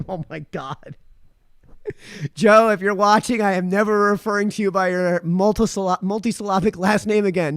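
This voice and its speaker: A man hosting a live stream, chatting casually and reading out viewer comments in a rambling, animated way, his throat sore after hours of talking. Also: high-pitched, moderate pace, clear, resonant tone, no echo. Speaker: livestream host.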